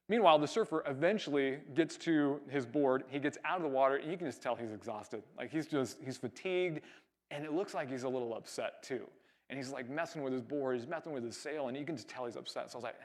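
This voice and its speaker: A young man from California preaching a sermon, telling a story with lively acted-out dialogue. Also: on the high side, quick pace. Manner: animated storyteller, acts out quoted dialogue. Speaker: pastor.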